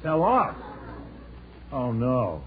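A blustering dad, animated pitch, tinny old radio. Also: male voice, extremely slow, slight background noise, heavily acted. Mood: exasperated. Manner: exasperated and blustering. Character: harried middle-aged father, stubborn do-it-yourselfer. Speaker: father. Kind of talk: 1940s radio acting.

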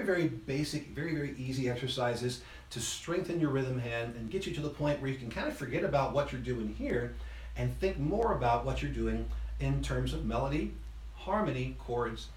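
A man giving an instrument lesson, counting beats aloud in an encouraging, relaxed way while he plays. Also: medium pitch, echoey room. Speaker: music teacher.

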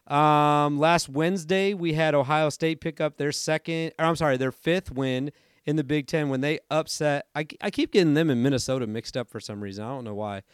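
A man in his thirties hosting a casual sports podcast, chatty and rambling, his voice hoarse from allergies. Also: a little high, dry recording, clean studio sound. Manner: chatty and rambling, self-correcting. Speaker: podcast host.

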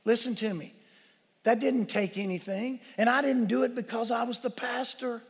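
A man preaching a sermon as pastor, telling a story with emphatic shouted peaks. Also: very high voice, steady tone, moderate pace, breathy edge. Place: church sanctuary. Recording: long reverb of a church hall.

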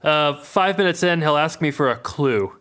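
A man's voice: on the high side, lively intonation, moderate pace, a bit bright. A man co-hosting a comedy podcast, teasing the others in casual banter. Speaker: podcast co-host.

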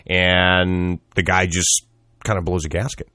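A man's voice: low-pitched, little pitch movement, unhurried, sharp tone, no room sound, studio quality. A man co-hosting a casual podcast, telling a news story in a rambling way and acting out the quotes. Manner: rambling, laughing, acts out quotes. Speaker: podcast co-host.

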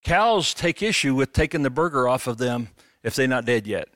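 A middle-aged man preaching a sermon as a pastor, animated and conversational, with jokes. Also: mid-range voice, normal speed, no room sound, studio quality.

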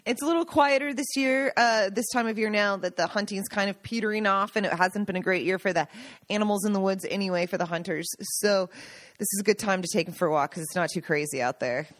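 A woman co-hosting a podcast in casual chat, excitable and laughing often. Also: medium pitch, quick pace, no room sound, clean studio sound. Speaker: podcast co-host.

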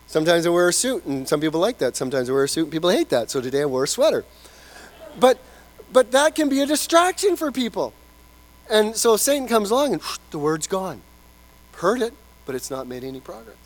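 Pastor, male, animated sermon delivery with acted-out quotes, voice sits a bit high. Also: brisk. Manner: animated preaching, acts out quoted voices, drops to soft emphasis. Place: church.

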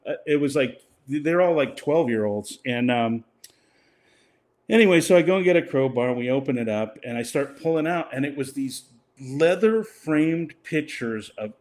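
A man's voice: medium pitch, animated, moderate pace, darkish tone. Older man telling a rambling story. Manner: rambling, laughing often, quoting others in a put-on voice. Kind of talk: casual anecdote.

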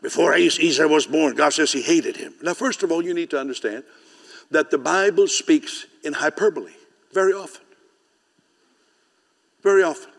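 A man's voice: a little high, brisk, vocal fry, fairly bright tone, in a large hall. A man preaching a sermon as pastor, speaking conversationally, often asking the congregation questions and laughing. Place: church sanctuary.

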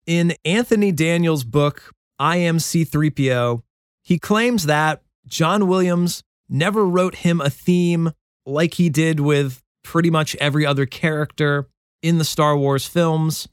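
A man hosting his own songwriting show, thinking aloud about a new song in a relaxed, self-deprecating way. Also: on the high side, clear, resonant tone, no room sound, studio quality. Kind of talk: casual talk about songwriting. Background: guitar playing.

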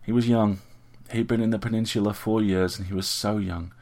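A man narrating an audiobook story in a measured, even way. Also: lowish voice, gravelly.

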